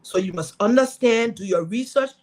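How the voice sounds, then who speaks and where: A middle-aged woman from Liberia speaking, a guest in an interview telling her story as a former senator with lively, preaching energy. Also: on the high side, moderate pace, low-quality recording. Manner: animated, preaching storytelling with acted quotes.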